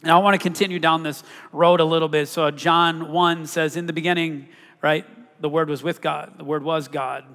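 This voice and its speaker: Pastor guy preaching, kinda high voice, punches key words, long echo from the hall. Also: little pitch movement, moderate pace, fairly bright tone. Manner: emphatic, rising on key words, asks the congregation questions. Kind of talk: sermon. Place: church sanctuary.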